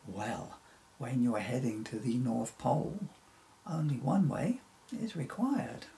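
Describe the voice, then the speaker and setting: A man's voice: medium pitch, expressive, slow pace, vocal fry, dark tone, slight background noise, low-quality recording. A man reading a children's story voices a cheerful, confident male magic unicorn. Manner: chuckling, confident storybook delivery.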